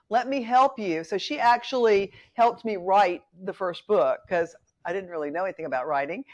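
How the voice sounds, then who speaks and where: Middle-aged woman author as interview guest: candid, chatty storyteller, mid-pitched voice, acts out quotes.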